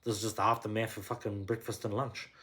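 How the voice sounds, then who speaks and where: A low-pitched man with a tense, forceful edge, talking as a podcast guest. His rant is blunt and full of swearing. He often climbs into outright shouting. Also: little pitch movement, fast talker. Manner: profane, blunt, emphatic, swings to shouting. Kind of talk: heated conversational rant.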